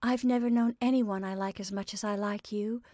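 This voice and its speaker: A woman's voice: mid-range voice, fairly even intonation, normal speed, mellow, no echo, clean studio sound, close to an everyday voice. A woman voicing an earnest, anxious young woman in a storybook reading, speaking in a pleading way.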